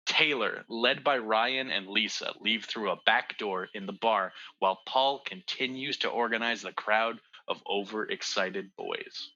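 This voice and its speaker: A man's voice: measured pace, hardly any pauses, dull audio. A man from Canada co-hosting a comedy podcast over a video call, reading script directions and teasing his friends. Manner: excitable, teasing, jumps up in pitch.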